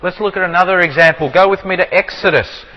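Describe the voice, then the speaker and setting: A man teaching from the Bible, explaining with repeated rhetorical questions and slowing down to stress key words. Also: high voice, steady tone, long reverb tail, lo-fi sound. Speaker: preacher.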